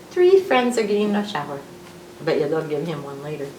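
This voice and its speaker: A woman's voice: on the low side, sing-song, normal speed, a little mellow, slight background noise. A woman hosting a library storytime, reading a children's alphabet book and playfully acting out letter sounds. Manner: playful, sing-song phonics teaching with sound effects. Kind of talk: children's read-aloud lesson. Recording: echoey room, distant mic.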